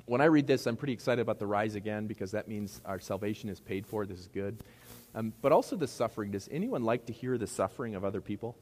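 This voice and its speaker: A man's voice: lowish voice, animated, quick pace, darkish tone. A man with a Midwestern accent preaching a sermon to a congregation in a middle school hall, talking conversationally and asking them rhetorical questions. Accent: Midwestern American. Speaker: pastor.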